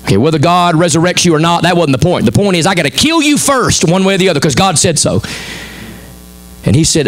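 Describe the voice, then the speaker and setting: Folksy animated Southern preacher man. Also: fairly high pitch, fast talker. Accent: Southern American. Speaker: pastor. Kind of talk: sermon.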